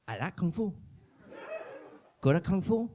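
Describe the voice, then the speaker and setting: A man voicing a simple-minded male action star in a comedy sketch, talking in short, flat, repetitive phrases. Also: sits high, unhurried, slight background noise. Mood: stubborn.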